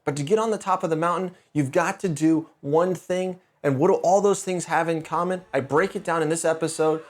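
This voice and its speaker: A man hosting a motivational podcast, telling a personal story in a lively, anecdotal way. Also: fairly high pitch, fairly quick. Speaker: podcast host.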